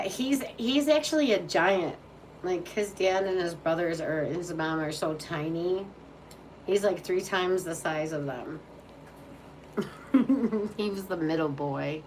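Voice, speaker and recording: A woman with a lowish voice chats at a slow, unhurried pace, cooing baby talk to her dog between remarks. She sits back from the microphone. A faint background hum runs underneath. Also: a little mellow, recorded from a distance, low-quality recording. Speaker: tarot reader. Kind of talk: casual chat.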